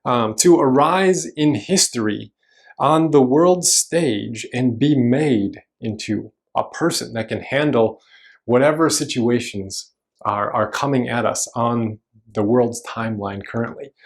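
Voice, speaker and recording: A man in the middle of his range, preaching a relaxed, conversational sermon in a church. He walks through the scripture in an explanatory way, with everyday phrasing, fillers and restarts. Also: mid-range voice. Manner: casual, explanatory teaching with frequent fillers and restarts. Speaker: pastor.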